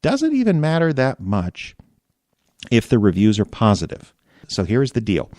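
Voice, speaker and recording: A man hosting a podcast, chatting in a relaxed, self-deprecating way. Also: mid-range voice, a little slow, dry recording. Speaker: podcast host. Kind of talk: casual podcast talk.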